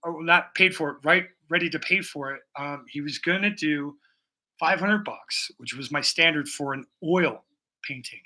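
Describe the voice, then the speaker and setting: A bright, forceful man's voice, a little high and at normal speed. The painting livestream host chats with viewers from his bedroom at home, rambling, joking, and swearing as he paints.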